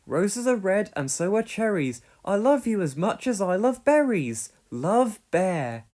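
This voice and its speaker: A big, kindly storybook bear, as a woman puts him on, speaking calmly and gently. His friendly voice sits in a middle register and moves with a lively range. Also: mid-range voice, unhurried, pitched above the performer's own voice.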